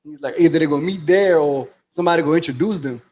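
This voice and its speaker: On a casual podcast, a man with a voice on the high side races through a show's plot at a very fast clip, some faint noise behind him. His retelling is crude and slangy, and he voices the characters' dialogue with animated flair.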